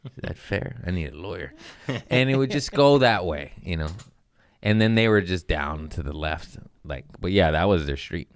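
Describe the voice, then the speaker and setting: This comedian host has a deep, expressive voice and speaks at a moderate pace. On his comedy podcast he rambles through profane, jokey stories, slipping into goofy put-on voices along the way.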